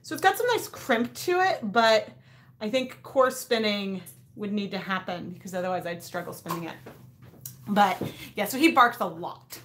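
A woman's voice: mid-range voice, lively intonation, moderate pace, fairly bright tone, slight background noise. A woman in her thirties hosting a casual craft livestream, rambling with lots of fillers and restarts. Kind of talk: casual live chat. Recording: echoey room.

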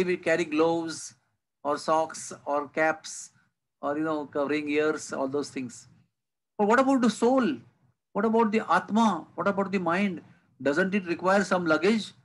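Guy teaching a devotional class on a video call, slightly high voice, lots of storytelling. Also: rough recording. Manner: storytelling, rhetorical questions, lively emphasis. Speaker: spiritual teacher. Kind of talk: devotional lecture.

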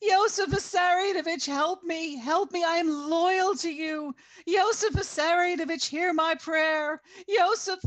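A woman reading aloud voices a shrill elderly woman who screeches and begs frantically. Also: measured pace, hardly any pauses. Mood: pleading.

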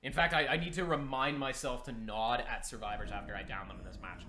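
A man giving playful, chatty gameplay commentary, teasing other players and squealing up high when he goofs around. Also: steady tone, fairly quick, bright, forceful tone. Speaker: gaming streamer. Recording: roomy sound with audible background noise.

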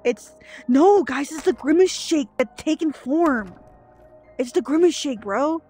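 Young woman, streamer, jumpy and excitable commentary on a spooky game; high, lively voice that swoops between registers. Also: a little slow, soft background music. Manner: jumpy, excitable, frequent laughs and gasps, pleading. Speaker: livestreamer. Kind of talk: live gameplay commentary to chat.

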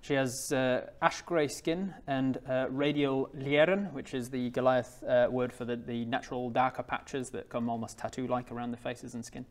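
A man narrating a tabletop game as game master, describing scenes with many pauses. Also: mid-range voice, fairly even intonation.

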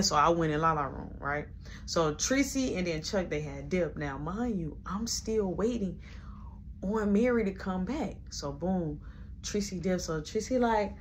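Animated young woman. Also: on the low side, normal speed, slight background noise. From Chicago, USA. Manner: animated retelling, acting out quoted voices. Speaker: storyteller vlogger. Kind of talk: casual storytime.

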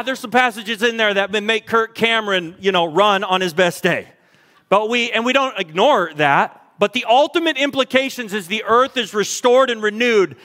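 A man preaching a sermon as pastor, fervent and exclamatory, speeding through lists and slowing down to stress scripture. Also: sits high, bright, forceful tone. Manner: fervent, exclamatory, fast bursts then slow emphatic readings. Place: large church auditorium. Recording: long church hall reverb.

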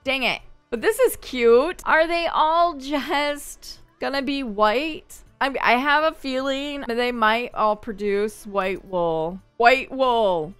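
Brief: woman game host, bright crisp voice, chatty play-by-play commentary. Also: high-pitched, soft background music. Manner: chatty, thinking aloud, quick to laugh. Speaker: gaming channel host. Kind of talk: gameplay commentary.

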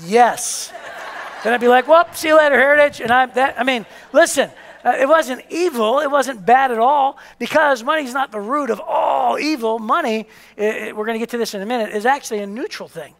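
A male pastor in his fifties delivers a sermon in a long-echoing church hall. His voice sits very high for a man, with a gravelly edge, and he tells stories animatedly, acting out the voices. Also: fairly quick. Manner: animated storytelling, acts out voices.

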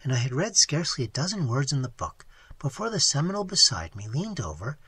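A woman's voice: extremely low pitch, sing-song, fast, fairly bright tone, husky, no room sound, heavily acted. A reader voicing a young waitress who candidly tells her story in a good-humored way. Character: earnest young waitress telling her tale. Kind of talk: audiobook narration.

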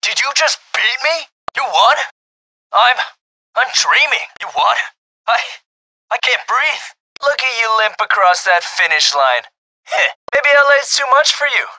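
A man's voice: very high-pitched, lively intonation, a little slow, full character voice. A man voicing a cocky young emo street racer who trash talks his rivals in a video game. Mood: outraged disbelief. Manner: boastful trash talk, shouty whiny outbursts.

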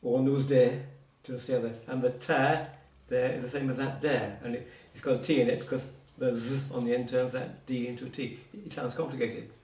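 A man's voice: mid-range voice, fairly even intonation, fairly quick, hardly any pauses, a little mellow. A man teaching Cornish words in a one-on-one lesson, explaining patiently with asides and examples. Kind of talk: informal one-on-one language lesson. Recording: roomy sound from a distance.

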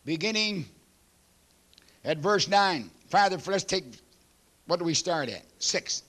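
A man in his seventies, a pastor preaching a sermon emphatically and clearing his throat often. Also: high voice, lively intonation, slow pace, long pauses, pushed and bright. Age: 70s.

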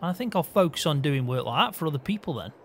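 A man's voice: on the high side, animated, fast, fairly bright tone. A man playing an easygoing young farm hand, laughing often and mock-grumpy in game roleplay banter. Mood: explaining. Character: young male farm hand with his own caravan.

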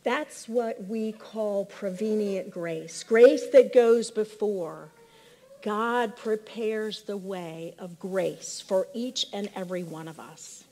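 Slow, earnest woman giving testimony. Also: mid-range voice, a little mellow. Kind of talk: personal testimony in a service.

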